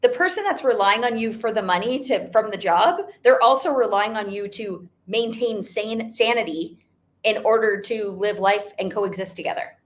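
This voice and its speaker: A young adult woman speaks at normal speed in a medium-pitched voice, giving a motivational talk as the owner of a network marketing business. She presses her points with emphasis, repeats them often, and peppers her speech with "like".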